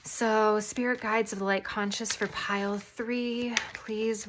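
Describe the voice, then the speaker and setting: Woman with a light voice, mid pitch, earnest and reassuring as a tarot reader talking to her viewers. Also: steady tone, measured pace, hardly any pauses, noisy background. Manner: earnest, reassuring and gently rambling. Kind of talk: intuitive tarot reading addressed to viewers.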